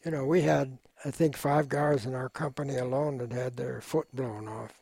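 An older man, a war veteran, speaking in an oral history interview in a measured, reflective way with frequent pauses and fillers. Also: mid-range voice, steady tone, vocal fry, a little mellow, slightly rough, no room sound.

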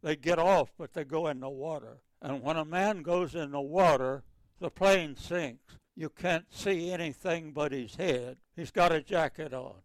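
An older man, a navy veteran, recounting wartime memories in a halting, repetitive way with many restarts. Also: fairly high pitch, no room sound.

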